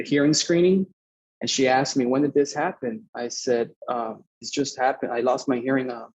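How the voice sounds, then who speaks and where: A young adult man from Mexico, a podcast guest telling a story in casual talk, animated and swearing as he acts out both sides of the conversation. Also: mid-range voice, husky, lo-fi sound.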